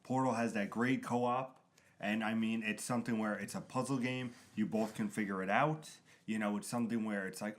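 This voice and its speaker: A man's voice: on the low side, fairly even intonation, moderate pace. A man co-hosting a casual gaming chat, rambling through examples and acting out little quotes as he explains. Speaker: podcast co-host.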